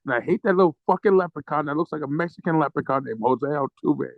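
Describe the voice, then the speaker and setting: Man ranting slowly on a sports podcast. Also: on the high side, gravelly, dry recording, phone-quality sound. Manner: angry mock-ranting, profane, slow and drawn out. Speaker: podcast co-host. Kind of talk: casual sports podcast rant.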